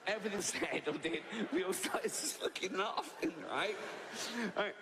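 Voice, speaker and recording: An English stand-up comedian in his sixties tells a story on stage in a large, echoing hall before a live audience, his voice high and his speed normal. He's chatty and anecdotal, sprinkling in "right?" and swearing, and laughs at his own tale. Heavy background noise, hall reverb and audience ambience fill the recording.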